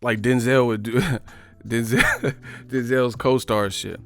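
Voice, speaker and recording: A man's voice: mid-range voice, fairly even intonation, slow, vocal fry, fairly bright tone, faint music behind. A man from the Bay Area hosting a livestream, riffing in casual, profane slang. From San Francisco Bay Area. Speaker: livestream host.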